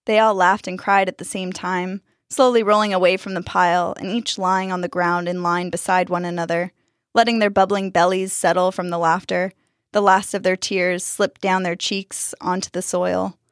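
A woman's voice: lowish voice, little pitch movement, moderate pace, no echo, clean studio sound. A woman reading a spooky children's story aloud, narrating expressively and lifting her voice for the characters.

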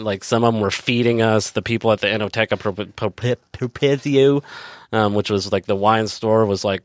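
A man speaking as a guest in a relaxed, storytelling way. His voice sits low and he rambles, stopping and restarting often. The sound is dry, with no room echo. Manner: rambling, many fillers and restarts. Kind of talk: casual storytelling.

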